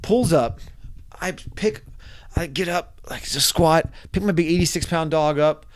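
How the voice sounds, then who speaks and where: A man casually telling a wild story to camera, animated and often restarting his sentences. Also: on the high side, moderate pace, no room sound. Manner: animated, acts out shouted quotes, frequent restarts. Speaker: vlogger.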